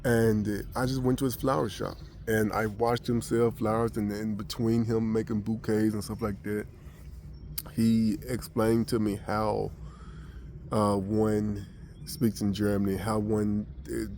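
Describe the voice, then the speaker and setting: A man's voice: fairly low pitch, flat delivery, unhurried, a little mellow, slight background noise. An American man vlogging, telling a personal story casually with many restarts and fillers. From United States.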